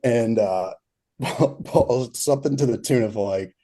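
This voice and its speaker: With a mid-range, warm voice and a slow pace, a man in his thirties, a turf consultant on a podcast, spins rambling stories. He laughs frequently and fills his casual interview storytelling with fillers.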